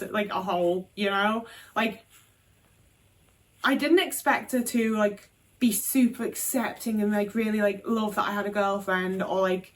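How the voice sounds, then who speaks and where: A woman in her twenties telling a personal story to camera in a candid, sweary, rambling way full of fillers. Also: mid-range voice. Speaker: vlogger.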